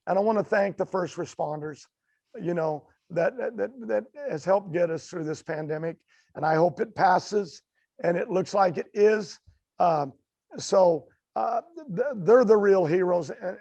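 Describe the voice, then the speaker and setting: An older American man, a racing guest, telling stories in a halting, rambling way with many fillers and restarts. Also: high-pitched, darkish tone, no room sound, highs cut off. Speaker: guest, drag racer. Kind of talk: storytelling interview.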